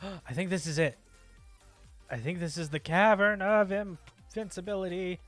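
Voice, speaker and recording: A man's voice: sits high, fairly even intonation, measured pace, a bit bright, no echo, soft background music. A man casually chatting while streaming a game, rambling and breaking into yelps and exclamations as things happen in play. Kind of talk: casual gameplay chat.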